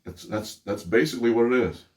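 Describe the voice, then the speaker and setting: Speaking a little fast in a medium-pitched, slightly mellow voice, this older magician and ventriloquist from Pittsburgh, USA, runs a casual teaching demo. He keeps things upbeat and chatty and laughs often.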